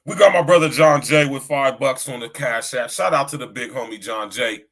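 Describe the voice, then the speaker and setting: With a mid-range, slightly bright voice at normal speed, a middle-aged man chats casually on his podcast livestream. His talk is full of slang, and he keeps repeating "you know what I'm saying."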